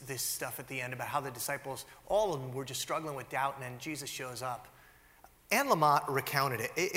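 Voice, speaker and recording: A male pastor preaching a sermon, telling stories and acting out quoted lines with lively energy. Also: a little high. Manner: animated storytelling, acts out quotes. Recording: long hall reverb.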